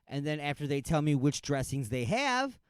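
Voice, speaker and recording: A man's voice: on the high side, very animated, normal speed, smooth, no echo, clean studio sound. A man hosting a talk radio show, ranting sarcastically and comedically, often repeating that he is just saying.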